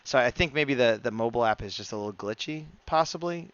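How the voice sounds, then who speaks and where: A man livestreams while drawing, chatting casually, mumbling to himself as he works, and reading chat aloud. His mid-range voice has lively intonation and he talks fast. The recording is muffled, with no room sound.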